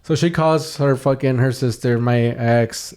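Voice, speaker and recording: A man's voice: medium pitch, fairly even intonation, measured pace, darkish tone, clean tone. A young man telling a long personal story on a podcast, casual and rambling, swearing often and restarting his sentences. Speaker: podcast host.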